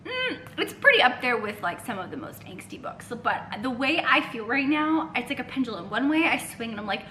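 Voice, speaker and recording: A young woman talks straight to camera in a chatty reading vlog. She rambles and swears freely, her voice bright and a touch high. A faint hiss sits under her voice. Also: brisk, few pauses. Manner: animated, swears often, rambling. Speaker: book vlogger.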